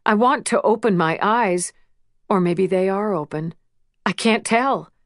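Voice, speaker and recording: A woman narrating an audiobook in a measured, emotional first-person reading. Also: mid-range voice, dry recording, clean studio sound. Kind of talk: scripted narration.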